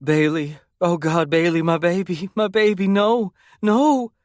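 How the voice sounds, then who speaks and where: A man's voice: high-pitched, fairly even intonation, a little slow, no echo, clean studio sound, voice pushed up. A man voicing a frantic young mother who wails and pleads in panic. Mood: frantic wailing. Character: frantic young mother, screaming for her child.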